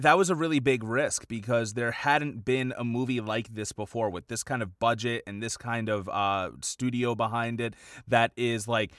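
A man co-hosting a podcast in a relaxed, conversational way. He rambles through his points, leaning on "like" and "you know" as he goes. His voice sits at an ordinary male pitch and sounds dry and close, with no room around it. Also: no echo. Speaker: podcast co-host. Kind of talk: casual podcast chat.

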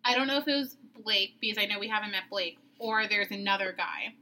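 Young female co-host, bright voice, loose chatty delivery with laughs and the odd curse. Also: mid-range voice, fast talker. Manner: chatty, laughs often, swears casually. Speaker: podcast co-host. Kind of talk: casual chat.

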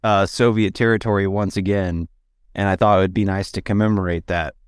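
A man's voice: low voice, fairly even intonation, brisk, clean tone, no echo, clean studio sound. Joking man on a video call. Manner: joking, crude, laughs often. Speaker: podcast guest. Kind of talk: casual banter on a video call.

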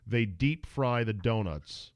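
Animated man telling a story on a podcast. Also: lowish voice, takes it slowly, dry recording. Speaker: podcast host. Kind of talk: casual chat.

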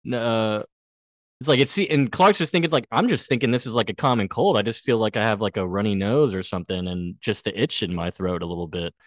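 A man's voice: on the low side, a little fast, no room sound, studio quality. A man co-hosting a casual podcast, retelling a TV episode and acting out the characters' lines. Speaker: podcast co-host recapping a TV episode. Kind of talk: casual chat.

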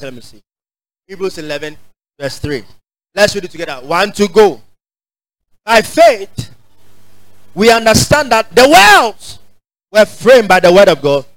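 A Ghanaian man preaches with a high, ringing voice, leading his congregation in call and response. He repeats his points for weight and climbs into shouts at the peaks. The sound is close and dry, with little room echo. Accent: Ghanaian English. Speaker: pastor. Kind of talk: sermon.

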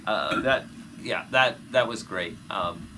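A man hosting a casual fan podcast, relaxed and steering the talk through the episode. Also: fairly low pitch, takes it slowly. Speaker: podcast co-host. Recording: audible air conditioning hum.

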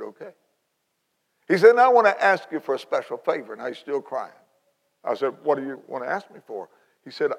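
Folksy preacher man, gravelly. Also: medium pitch, long reverb tail, low-quality recording. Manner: folksy, animated storytelling with repeated restarts. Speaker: evangelist preacher. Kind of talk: storytelling sermon.

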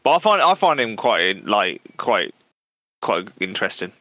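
A man co-hosting a podcast with a bright, forward tone. He jokes and swears in loose banter and lets his sentences trail off. The sound is dry and close. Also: on the low side, sing-song, normal speed, dry recording. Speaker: podcast co-host. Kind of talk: casual banter.

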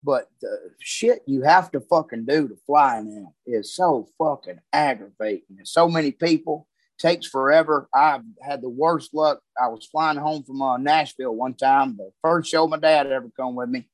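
A man's voice: mid-range voice, moderate pace, dry recording. A man telling profane, rambling stories about travel and his wife in casual chat. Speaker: comedian guest.

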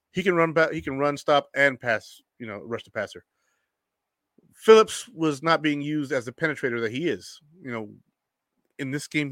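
Hosting a casual sports show, an energetic man responds to viewer comments in quick, joking bursts. His bright, forceful voice swings between loud jokes and low asides, and the sound is dry and close with no echo.

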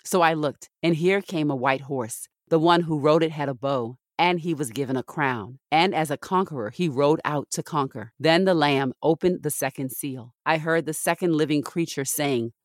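A woman reading Bible passages aloud in a measured, steady way, pausing between verses. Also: deep voice, no echo, clean studio sound. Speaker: scripture reader.

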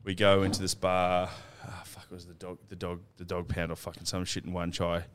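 Deep-voiced Australian man telling stories. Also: monotone, a little fast, slight background noise. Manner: swears a lot, laughing storyteller. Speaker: podcast co-host. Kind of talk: casual chat, storytelling.

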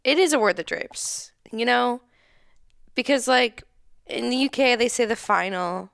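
A woman's voice: on the high side, measured pace, vocal fry, a bit bright, clean tone, dry recording, clean studio sound. A woman co-hosting a podcast in casual chat, playful and teasing. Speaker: podcast co-host.

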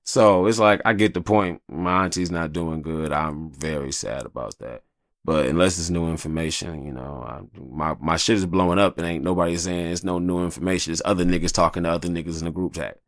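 A married man hosting his own podcast, talking casually and profanely in a rambling monologue, often jumping into exaggerated high voices. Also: fairly quick, dry recording, studio quality. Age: adult, married with kids. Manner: rambling, profane, animated, jumps into high-pitched quoted voices. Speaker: podcast host.

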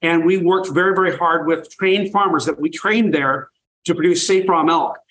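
A man's voice: a little high, moderate pace, a bit bright, rough recording. An older man, a farmer and guest, telling stories with enthusiasm and emphatic repetition. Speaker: guest, raw milk farmer. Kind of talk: energetic interview talk.

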